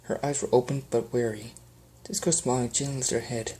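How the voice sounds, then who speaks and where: A man's voice: mid-range voice, steady tone, a little fast, a crowd in the background. A man earnestly reading fan fiction aloud as an amateur audiobook, with small slips.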